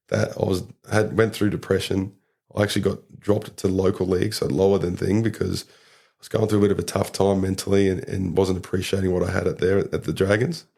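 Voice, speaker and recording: A young Australian man tells a story in a casual podcast chat. His voice sits very low and carries a gravelly fry. He rambles from thought to thought and leans on fillers. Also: darkish tone. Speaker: podcast guest, rugby league player.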